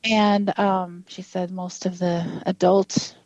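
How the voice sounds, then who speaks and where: Lo-fi recording of a low-voiced woman. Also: flat delivery, slow, a little mellow, no echo. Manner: retells conversations with quoted dialogue, laughing often. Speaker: guest. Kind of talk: casual interview storytelling. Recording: dull lo-fi dry recording.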